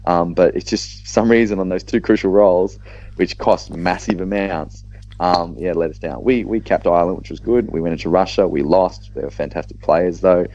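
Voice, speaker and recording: An Australian man tells a gaming story in a casual podcast chat, full of quick restarts. His voice sits very low and mellow. The dry sound of the recording is a little dull and lo-fi. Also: steady tone, a little hiss or hum. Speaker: podcast co-host.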